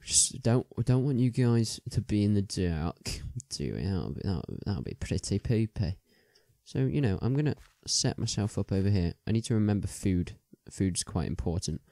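A man's voice: lowish voice, very animated, moderate pace, dark tone, no echo, studio quality. A young man chatting casually as he plays a game, rambling with many ums and restarts. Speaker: gaming video host.

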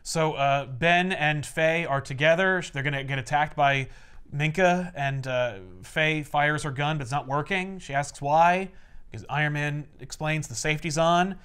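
A man's voice: fairly high pitch, moderate pace, fairly bright tone, clear, resonant tone. A man co-hosting a podcast, casually recapping a comic with rambling filler-heavy narration and wry asides.

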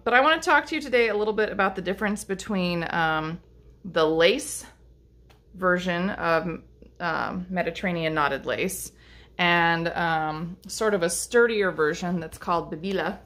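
A woman's voice: on the low side, a bit bright. A middle-aged woman chatting casually to camera about her lace-making, rambling with lots of ums and restarts. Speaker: lace-making vlogger and teacher. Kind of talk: casual chat showing crafts to camera.

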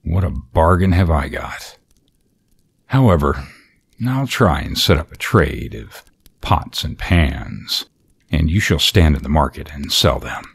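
A man's voice: rumbling low, big pitch swings, slow pace, gravelly, husky, heavily acted. A man voicing a poor traveling fiddler who speaks bluntly and scolds his wife, as whispered role-play in a storybook reading. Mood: scolding.

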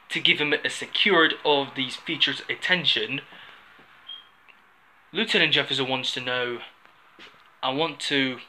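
A man playing a stern police officer who questions a suspect slowly and insistently, repeating his questions. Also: mid-range voice, sharp tone.

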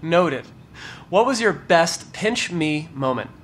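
A man asking brisk, upbeat quick-fire interview questions, laughing easily. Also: a little high, lively intonation, fairly bright tone, a little hiss or hum.

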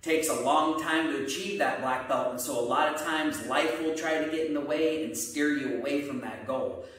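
A man, a martial arts instructor, explaining ideas in a steady, earnest way. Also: a little high, normal speed. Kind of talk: casual explanatory chat. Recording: echoey room, mic at a distance.

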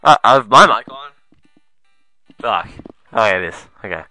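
Excitable swearing young gamer guy. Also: lowish voice, unhurried, no room sound, soft background music, low-quality recording. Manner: excitable, swearing, mutters asides then yelps. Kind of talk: let's play commentary.

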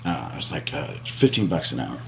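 A man telling an animated personal anecdote as an interview guest, acting out screams and quoted lines. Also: extremely low pitch, normal speed, vocal fry, slight background noise. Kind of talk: storytelling anecdote.

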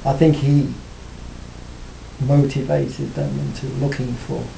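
A man being interviewed about his music career, talking reflectively with many pauses and restarts. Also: little pitch movement, creaky, warm tone. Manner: hesitant, many restarts and "you know". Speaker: interviewee, former band cellist. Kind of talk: reflective casual interview talk. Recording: roomy, faint rumble.

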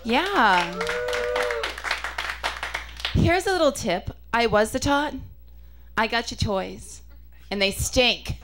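A young woman performing a stand-up comedy set, chatty and self-mocking, with punchy delivery and quick asides. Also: a little high, expressive, a crowd in the background, noisy background.

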